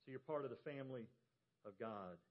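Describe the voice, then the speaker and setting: A man's voice: medium pitch, a little fast. A man from the American South with a Southern accent, preaching a sermon as pastor and telling folksy stories with emphasis. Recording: dull lo-fi church audio.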